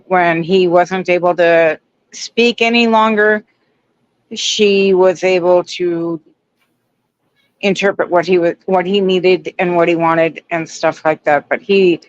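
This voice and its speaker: Casting: caller, slow and halting, smooth voice, dull lo-fi line. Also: mid-range voice, dry recording.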